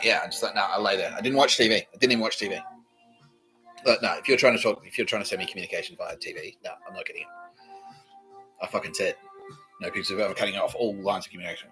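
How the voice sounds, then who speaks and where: Rambling, profane Australian man, bright voice. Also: lowish voice. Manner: profane, repetitive, swings between loud outbursts and mumbling. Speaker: podcast host. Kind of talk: rambling comedic monologue.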